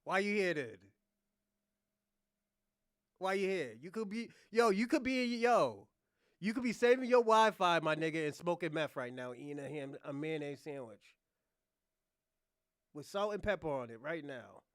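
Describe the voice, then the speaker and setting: A man's voice: fairly high pitch, big pitch swings, moderate pace, long pauses, a bit bright, no echo, clean studio sound. A man from Boston hosting a casual live chat, teasing and laughing often. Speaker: livestream host.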